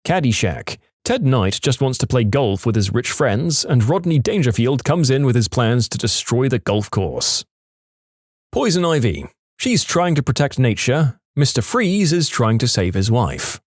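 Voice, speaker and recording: A man's voice: mid-range voice, big pitch swings, unhurried, no echo, clean studio sound. A man narrating reader-submitted stories in a wry, scripted storytelling delivery.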